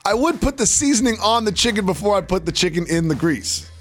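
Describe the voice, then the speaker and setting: A man co-hosting a podcast, joking in casual, animated banter and laughing often. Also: sits high. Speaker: podcast co-host.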